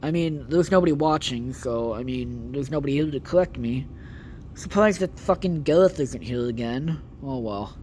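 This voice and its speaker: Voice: medium pitch, moderate pace, dark tone, slight background noise. A podcast host giving a casual, rambling movie recap, with heavy swearing and lots of filler words.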